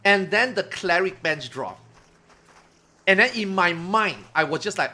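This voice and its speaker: A man streaming, telling a story to his chat in a casual, animated way, swearing and loudly acting out what others said. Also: high-pitched, measured pace. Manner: animated retelling, acts out quotes loudly, swears, laughs.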